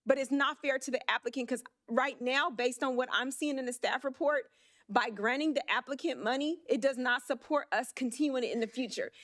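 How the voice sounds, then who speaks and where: Impassioned, high-voiced woman council member. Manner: emotional, blunt and forceful, with halting restarts. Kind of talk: impassioned council meeting speech. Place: city council chamber.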